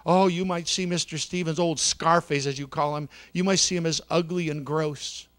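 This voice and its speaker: Man playing a tearful older mother, tender, soft, speaking to children. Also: a little high, steady tone, normal speed, no echo, lightly acted.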